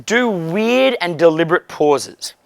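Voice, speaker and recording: Brief: male dating coach, crude and animated, slightly high voice, dry close sound. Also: a little slow, no room sound. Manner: blunt, profane, animated. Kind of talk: casual coaching monologue. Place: hotel.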